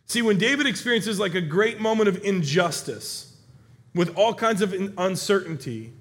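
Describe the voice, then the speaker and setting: A man with a high voice preaches a sermon, telling a Bible story in a lively, conversational way. He acts out the characters' lines, rising in pitch and volume as they shout. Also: normal speed. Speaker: pastor.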